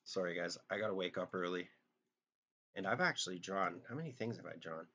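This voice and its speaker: Deep-voiced man chatting on a drawing stream. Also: a little fast, pushed and bright, lo-fi sound. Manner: rambling, joking, hums and mumbles half-remembered songs. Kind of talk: casual live-stream chat.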